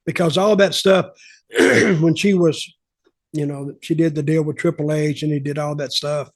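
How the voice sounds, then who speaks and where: A man's voice: a little high, steady tone, moderate pace. An older man hosting a podcast, telling stories in a plainspoken way with wry asides. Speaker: podcast host, former wrestling insider. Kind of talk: casual storytelling interview.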